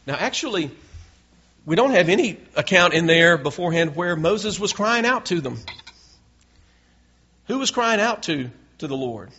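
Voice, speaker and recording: A man's voice: high voice, very animated, moderate pace, pauses often, sharp tone, slightly rough. A male pastor preaching a sermon in an earnest way, building to emphatic peaks. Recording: dull lo-fi recording.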